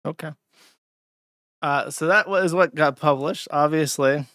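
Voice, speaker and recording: A man's voice: on the high side, unhurried, fairly bright tone, dry recording, clean studio sound. Crude sardonic male streamer. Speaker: streamer host. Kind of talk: casual commentary.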